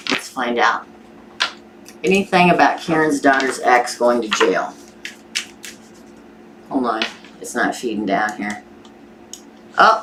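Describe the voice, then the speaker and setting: A woman from Missouri with a Southern accent, chatting aloud as she reads tarot cards on a live stream. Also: low-pitched. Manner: chatty, thinks aloud while pulling cards. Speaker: tarot reader. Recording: distant mic with clear background noise.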